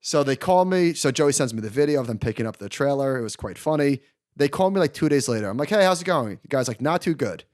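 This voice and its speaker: A man in his thirties co-hosting a podcast, telling a long story in an animated, casual way and laughing along. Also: medium pitch, quick pace. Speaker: podcast co-host. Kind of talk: casual chat.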